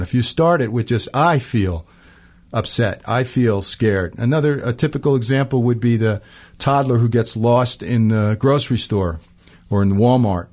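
A middle-aged man calmly explaining ideas in an interview, using everyday examples. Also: medium pitch. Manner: calm, explanatory, gives examples. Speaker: guest expert on emotional fluency. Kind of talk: interview answers.

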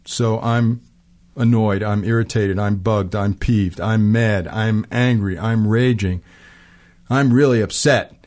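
A middle-aged man calmly explaining ideas in an interview, using everyday examples. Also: lowish voice, slow. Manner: calm, explanatory, gives examples. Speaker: guest expert on emotional fluency. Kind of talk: interview answers.

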